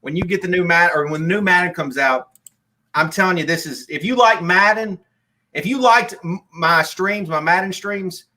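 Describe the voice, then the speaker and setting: A man's voice: high voice, normal speed, pushed and bright. A man hosting a live call-in stream, chatting casually and rambling with lots of restarts.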